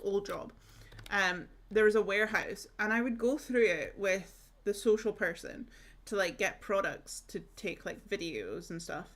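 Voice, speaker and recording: Speaking at a measured pace, a young woman from Aberdeen in northeast Scotland chats casually during a game stream, meandering through stories. Her mid-range voice is fairly bright, with lively intonation.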